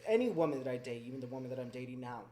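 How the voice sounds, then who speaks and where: A man's voice: medium pitch, lively intonation, rapid-fire, dark tone, a little hiss or hum. A man in his twenties hosting a podcast, telling blunt, profane stories in casual chat. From Mexican heritage, US. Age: 20s. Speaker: podcast host.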